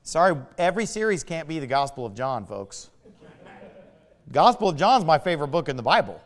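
A male pastor preaching with a high, animated voice that leaps up and down as he stresses words. He drags out key phrases and hammers his points, and a long hall reverb hangs behind each line. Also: brisk. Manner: emphatic preaching, stretched words and sharp swings of pitch and volume. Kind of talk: sermon.

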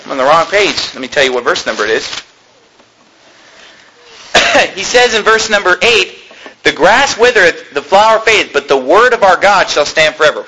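High, lively emphatic male preacher. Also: a little hiss or hum, rough recording. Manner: emphatic, repetitive preaching cadence with sudden loud peaks. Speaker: pastor. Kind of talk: sermon.

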